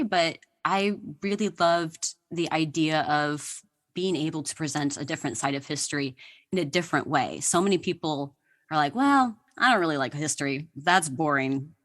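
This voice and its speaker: A woman's voice: low-pitched, normal speed, fairly bright tone. A woman guest on a podcast, telling history anecdotes in a chatty, giggly way. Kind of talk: casual interview chat.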